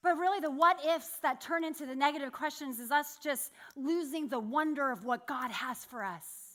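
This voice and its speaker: A woman's voice: sits high, normal speed, a bit bright. A woman giving a sermon, telling a personal story in a candid, self-deprecating way with laughs. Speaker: church speaker.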